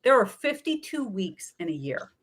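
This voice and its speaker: Energetic woman telling coaching stories. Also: medium pitch, normal speed. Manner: energetic, chatty, often acts out quoted voices. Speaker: wellness coach guest. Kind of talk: animated storytelling in a talk-show interview.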